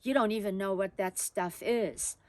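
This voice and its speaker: A woman voicing her resentful aunt while telling a story, speaking loudly and scornfully. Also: mid-range voice, moderate pace, dry recording, natural voice. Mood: indignant. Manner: scornful, accusing. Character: resentful, sharp-tongued aunt.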